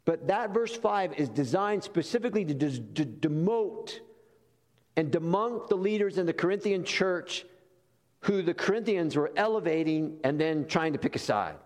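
A man's voice: on the high side, expressive, moderate pace, darkish tone, long reverb tail. A man preaching a sermon as a pastor, emphatic and repeating key words for stress.

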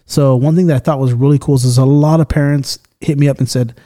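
A man's voice: medium pitch, steady tone, fast, mellow. A man hosting a podcast in casual chat, loose and swearing often as he tells stories and acts out the people in them. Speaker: podcast host.

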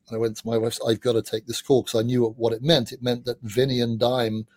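A middle-aged man, a music journalist, telling rambling, animated anecdotes with casual swearing as an interview guest. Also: medium pitch, a little fast, no echo.

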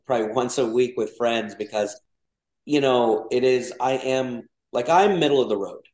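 A man's voice: mid-range voice, normal speed, a little mellow. Guy from mexico rambling on a podcast, lots of uh and like, echoey room. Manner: rambling, many restarts and fillers. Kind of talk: casual podcast conversation. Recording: roomy echo.

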